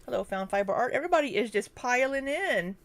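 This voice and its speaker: A woman's voice: a little high, animated, quick pace. A young woman hosting a casual livestream from her kitchen, chatting and greeting viewers by name. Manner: chatty, distracted, reads viewer names aloud. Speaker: livestream host. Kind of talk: casual livestream chat reading super chats. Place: home, kitchen.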